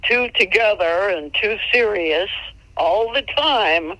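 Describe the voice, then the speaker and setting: A woman mule trainer giving casual, folksy advice, chatty and quick to laugh, sometimes jumping into high, playful tones. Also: sharp tone, dry recording, low-quality recording. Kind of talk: casual instructional chat.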